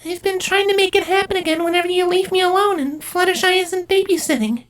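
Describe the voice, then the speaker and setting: A man voicing a small, timid young male changeling nymph with a high, childlike, plaintive voice. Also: fast talker, a bit bright. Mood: earnest.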